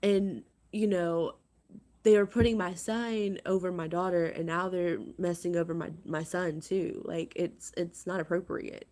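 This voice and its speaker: A woman vlogging to her viewers, upset and agitated, talking in a halting, exasperated way and repeating herself. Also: fairly low pitch, steady tone, a little mellow. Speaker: crafting vlogger. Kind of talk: casual vlog rant to viewers.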